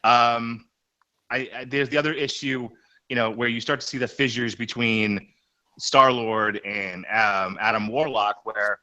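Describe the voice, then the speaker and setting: A man's voice: medium pitch, unhurried, poor audio. A man co-hosting a comics podcast, talking casually in a rambling way with many restarts. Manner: rambling, restarts often, animated. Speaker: podcast co-host.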